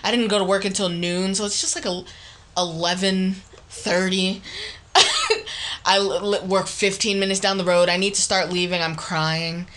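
A woman's voice: medium pitch, flat delivery, moderate pace, a bit bright. A young woman co-hosting a casual podcast chat, telling candid personal stories and laughing often. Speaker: podcast co-host.

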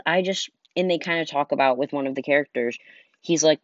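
A tired young man rambles casually on his own solo podcast, saying "like" a lot and letting his sentences trail off. His voice is a little high and brisk. The recording is dry, dull and lo-fi.

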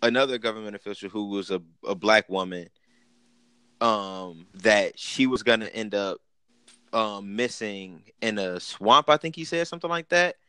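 A man's voice: fairly low pitch, moderate pace, pushed and bright, clear, resonant tone, no room sound. A man co-hosting a podcast, talking in a slangy, laid-back way and laughing often. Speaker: podcast co-host. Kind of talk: casual chat.

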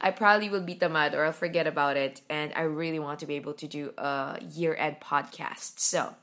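A woman's voice: deep voice, fairly even intonation, fairly quick, fairly bright tone. A young Filipino woman with a Filipino accent, hosting her own solo podcast at home in a groggy morning voice, talking candidly and rambling with self-deprecating asides. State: groggy morning voice after little sleep. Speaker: podcast host.

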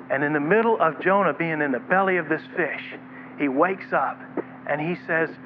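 A pastor with a high voice preaches a sermon at a moderate pace, retelling a scripture story and acting out the words of God and Jonah. The broadcast sounds tinny and phone-like, with faint hiss.

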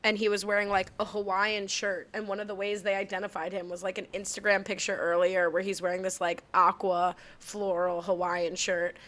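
A woman's voice: medium pitch, flat delivery, a bit bright. A young woman co-hosting a podcast, chatting casually and laughing often as she recaps a movie. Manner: quick, laughing, jumps in often. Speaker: podcast co-host.

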